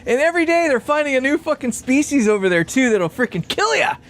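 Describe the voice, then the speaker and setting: A man's voice: very high voice, very animated, quick pace, a bit bright. A man hosting a casual livestream while building a guitar amp, rambling, laughing often and swearing freely.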